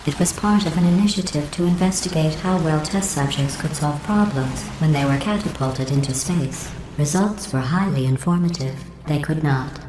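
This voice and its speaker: An actress voicing a cold, sarcastic female facility computer that delivers insults in a polite, deadpan tone through a robotic filter. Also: low voice, normal speed, hardly any pauses, background noise. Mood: deadpan mocking. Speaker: test overseer in a video game. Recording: echoey game audio.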